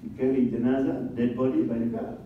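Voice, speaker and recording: A man's voice: medium pitch, flat delivery, fast talker, slight background noise. A man, giving a religious talk as an imam, asking the audience questions and acting out little scenes. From Indonesia. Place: large conference hall. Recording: echoey, dull sound from a distant mic.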